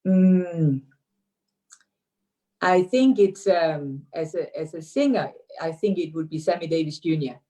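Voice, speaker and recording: A woman in her sixties from Denmark with a Danish accent, answering interview questions over a video call in a relaxed, hesitant way with frequent fillers and restarts. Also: low voice, measured pace. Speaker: interview guest, dance teacher. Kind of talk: casual remote interview.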